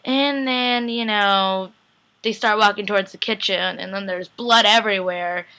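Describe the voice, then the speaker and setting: A young adult woman recaps an episode in a gushing, chatty vlog. Her voice is bright and forward, and she keeps acting out her own reactions with plenty of "like" in between. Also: medium pitch, fairly even intonation, measured pace, smooth, low-quality recording. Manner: gushing, chatty, acts out lines with lots of "like". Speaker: fan vlogger recapping a TV episode. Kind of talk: excited casual recap.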